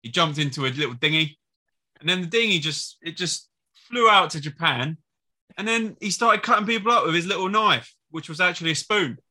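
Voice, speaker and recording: A man's voice: on the high side, lively intonation, fairly quick, bright, forceful tone. A man guesting on a gaming podcast, joking and spinning silly tall tales. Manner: joking, storytelling, laughs often. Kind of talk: casual podcast chat.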